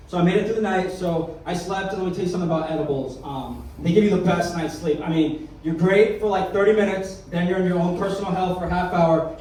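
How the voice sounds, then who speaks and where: A man's voice: high-pitched, warm tone, slight background noise. A young man doing self-mocking stand-up storytelling at a cafe open mic, rambling and repeating his phrases. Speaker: stand-up comedian. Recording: echoey room, mic at a distance.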